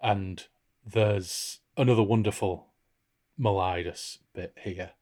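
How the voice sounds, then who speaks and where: A man with a somewhat low voice shares a book-discussion podcast. He reads passages aloud with expression and breaks off into relaxed, chatty commentary. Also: takes it slowly. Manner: expressive reader, lifts voice for quoted characters. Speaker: podcast co-host reading and discussing a novel. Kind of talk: casual book-club chat with read-aloud passages.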